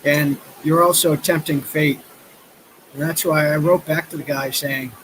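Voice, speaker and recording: A man's voice: a little high, fairly even intonation, measured pace, a bit bright, a little hiss or hum, rough recording. A man in his fifties chatting casually on a live stream, rambling through stories with lots of fillers. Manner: rambling storytelling with frequent fillers. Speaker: vlogger. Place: outdoors by a river.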